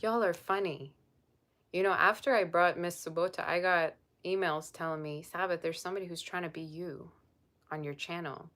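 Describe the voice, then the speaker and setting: A woman's voice: fairly low pitch, steady tone, moderate pace, fairly bright tone. A woman tarot reader chatting on a live stream, blunt and sassy as she reads and answers viewer comments. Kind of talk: casual live-stream chat.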